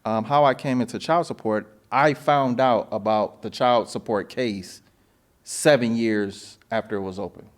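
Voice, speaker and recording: In an unhurried, mid-range voice, a podcast host in his forties narrates his own story. The tone is relaxed and lively, with swearing and phone conversations performed in character voices.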